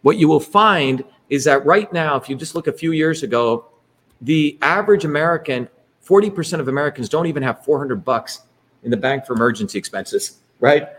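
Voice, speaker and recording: A man leads an online talk, presenting to his audience in a slightly high, somewhat bright voice at a fairly quick pace. He is emphatic and digressive, constantly tossing in "right?" and "by the way."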